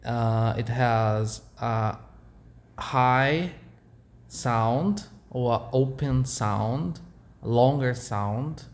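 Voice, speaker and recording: A Portuguese-speaking man with a Brazilian accent, informally explaining his language's vowels to a learner in halting English with many fillers. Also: medium pitch. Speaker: language tutor.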